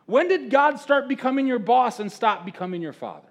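Animated male preacher, loud to hushed. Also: very high voice, fairly quick, few pauses. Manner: animated, jumping between loud exclamations and hushed asides; acts out quoted characters in voices. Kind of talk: sermon. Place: room with a live audience of men.

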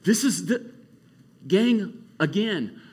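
A man preaching to a youth camp in an animated, casual storytelling way. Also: sits high, slow, husky. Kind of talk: youth sermon.

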